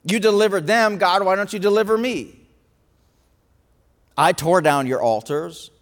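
High-pitched guy preaching, acts out the quotes, big echoey hall. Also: measured pace. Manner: lively storytelling, acting out quotes. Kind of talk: sermon. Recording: reverberant hall.

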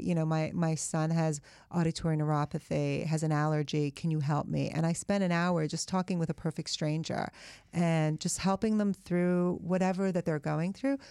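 A woman's voice: low voice, dark tone, smooth, dry recording, clean studio sound. A woman author being interviewed on a podcast, speaking earnestly and thoughtfully in casual chat. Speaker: author and guest.

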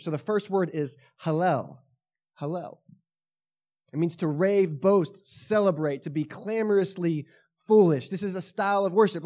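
A man in his thirties with a Texan accent, preaching a lively sermon to his congregation and asking them questions as he goes. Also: on the high side. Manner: lively storytelling with bursts of shouting; conversational, asks the congregation questions. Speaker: pastor. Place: church sanctuary.

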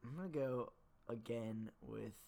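A man's voice: mid-range voice, measured pace, gravelly, darkish tone, a little hiss or hum. A man playing a guessing game with a friend, reacting playfully, laughing and swearing. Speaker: contestant. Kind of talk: casual chat.

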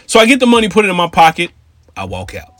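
A man from Cincinnati telling a casual story in street slang, with animated asides to his listeners. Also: sits high, quick pace, no room sound.

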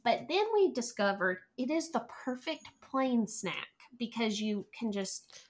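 A woman chatting as a guest, an animated storyteller who acts out quotes. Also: on the high side, unhurried. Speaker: podcast guest, travel planner. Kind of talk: casual chat.

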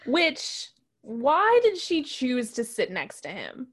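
High-voiced sarcastic young woman. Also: wildly swooping pitch. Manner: sarcastic, giggly, quick jokes. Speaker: podcast co-host. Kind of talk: casual movie recap chat.

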